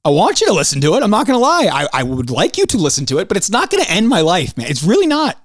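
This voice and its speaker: In a casual solo podcast monologue, a male host talks fast in a lively, swooping way, his voice pitched a bit higher than most men's. He's animated, ranting and swearing freely, and his voice climbs sharply when he gets fired up. The audio is dry and close, with no room sound.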